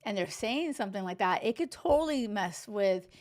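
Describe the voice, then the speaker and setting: A woman's voice: mid-range voice, lively intonation, moderate pace, darkish tone. A woman in her thirties hosting a dating advice podcast, giving frank, casual commentary full of "like" and "you know". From Cuban heritage. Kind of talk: casual reality-show commentary.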